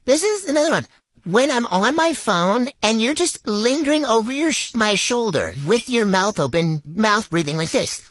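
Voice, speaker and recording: A woman runs through her husband's pet peeves in a couple's comedy vlog, teasing him as she goes. Her pitch swings widely, and the close, dry recording has no room echo. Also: normal speed. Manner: animated, teasing. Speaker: vlogger.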